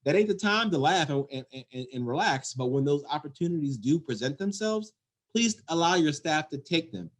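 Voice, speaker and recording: A man's voice: a little high, expressive, normal speed. A man who runs an emergency call center, giving an earnest, emphatic leadership talk and repeating his key points. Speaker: 911 center executive director.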